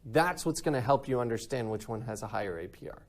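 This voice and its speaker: A man's voice: mid-range voice, fast talker. A man teaching a recorded math lesson in an upbeat way, often checking in with "right?".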